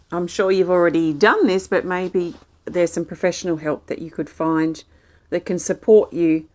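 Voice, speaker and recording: A gentle woman hosts a live support stream, answering viewers one by one in a soft, reassuring manner. Her voice sits a little low for a woman. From Australia. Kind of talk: casual live-stream chat reading viewer comments.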